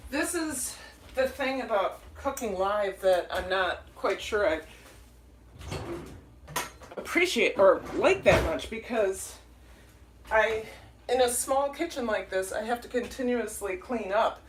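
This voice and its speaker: A woman from Minnesota hosting a casual live cooking stream from her small home kitchen, chatty, rambling and quick to apologize. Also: fairly high pitch, lively intonation, slight background noise, low-quality recording. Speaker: cooking livestream host. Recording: kitchen clatter of dishes and pans.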